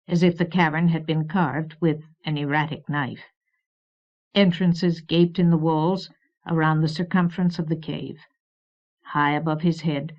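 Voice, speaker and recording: A woman reading a fantasy novel as audiobook narrator in a measured, even way. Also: lowish voice. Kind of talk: scripted narration. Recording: dull old cassette recording.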